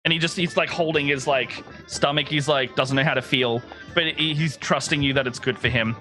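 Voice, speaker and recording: A man's voice: on the high side, fairly even intonation, a little fast, sharp tone, soft background music. A man narrating a tabletop game as game master, in a rambling way with many fillers.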